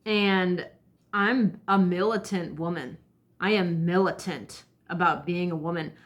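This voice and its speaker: A woman's voice: fairly low pitch, steady tone, measured pace. Blunt, profane woman ranting on camera. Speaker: vlogger. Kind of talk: ranting vlog monologue.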